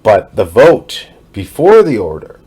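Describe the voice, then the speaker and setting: A man's voice: on the low side, wildly swooping pitch, a little slow, a little mellow, slightly rough. A man hosting a show, reading a Bible passage aloud and commenting on it, stumbling and correcting himself as he goes. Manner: reads aloud with slips and self-corrections. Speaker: host reading scripture aloud.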